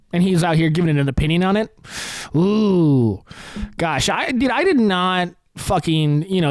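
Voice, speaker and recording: A man's voice: fairly high pitch, dry recording. A man hosting a comedy podcast, delivering a sarcastic, profane rant. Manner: ranting, sarcastic, heavily profane.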